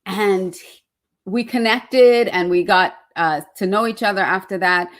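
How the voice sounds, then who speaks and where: A woman's voice: medium pitch, a little slow. A woman hosting an online interview show, effusive and fumbling over her words, with many fillers. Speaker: show host.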